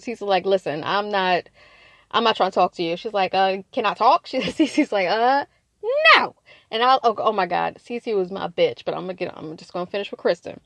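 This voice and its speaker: A woman hosting a casual podcast that recaps a reality show, blunt and profane, animated, laughing in bursts. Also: a little high, no echo, lo-fi sound.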